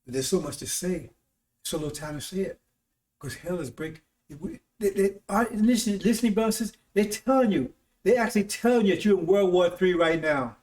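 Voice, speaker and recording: A man's voice: high voice, animated, brisk, darkish tone. A man giving a rambling, informal sermon on a broadcast, often checking in with his listeners with "See?" and "Right?". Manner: rambling, with frequent "See?" and "Right?" tag questions. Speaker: preacher hosting a broadcast. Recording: roomy echo, distant from mic.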